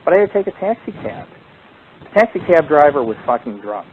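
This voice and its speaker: A man hosting a paranormal radio show, telling a long, profane, rambling ghost story in a casual, animated way. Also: on the high side, quick pace. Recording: tinny phone-like line with faint hiss.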